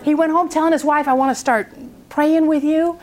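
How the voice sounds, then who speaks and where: A woman speaking at a prayer seminar, telling a story in an animated way and acting out its people. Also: high-pitched, normal speed.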